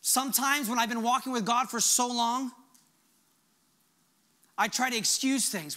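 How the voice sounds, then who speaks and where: Earnest preaching man, bright voice. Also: extremely high pitch, normal speed, long pauses. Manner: earnest, emphatic preaching with sudden soft drops. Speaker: pastor. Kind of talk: sermon.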